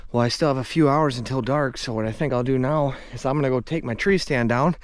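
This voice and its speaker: A man's voice: mid-range voice, fast, hardly any pauses, background noise. Earnest man narrating a hunting vlog outdoors. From Michigan's Upper Peninsula. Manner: earnest, upbeat, talks straight to the camera. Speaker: hunter and outdoor vlogger. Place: outdoors in a winter forest.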